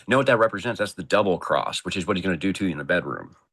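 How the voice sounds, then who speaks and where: A man's voice: low-pitched, lively intonation, rapid-fire, fairly bright tone, breathy edge. A man appearing as a guest on a livestream, giving blunt and crude opinions in casual chat.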